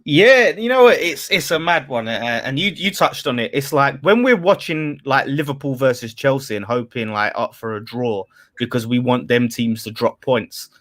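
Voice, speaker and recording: A young man, a guest chatting casually about football in a rambling, lively way. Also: medium pitch, moderate pace. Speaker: podcast guest, football fan. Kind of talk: casual chat.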